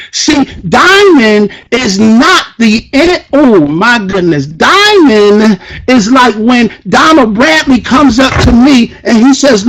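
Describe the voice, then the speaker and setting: A man giving a fiery motivational speech to an audience, preacher-like, firing repeated rhetorical questions and breaking into shouts. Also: very high voice, poor audio. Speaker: motivational speaker at a sales event.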